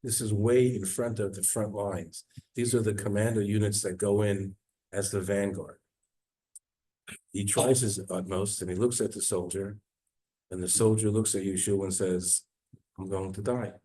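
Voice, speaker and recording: A man, a rabbi, giving an earnest storytelling sermon in a synagogue, dropping low and soft at sad moments. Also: steady tone, normal speed.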